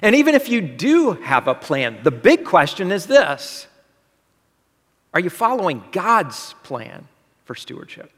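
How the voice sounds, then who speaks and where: A man's voice: sits high, big pitch swings, a little slow, fairly bright tone, in a large hall. A male pastor giving a conversational sermon, asking the congregation questions. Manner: conversational preaching with rhetorical questions.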